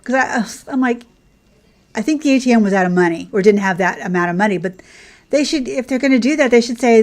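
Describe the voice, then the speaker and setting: Chatty woman with a higher voice. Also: quick pace. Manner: chatty and rambling, coos at her horses, laughs often. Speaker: gaming channel host. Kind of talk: casual gameplay commentary.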